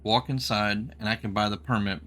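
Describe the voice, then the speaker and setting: A man streaming a trucking game from a home setup, telling an old road story into a desk microphone. His voice is a little low, yet bright and forceful. He rambles in a folksy way, full of ums and restarts as he talks. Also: fairly even intonation, brisk. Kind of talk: casual storytelling while gaming.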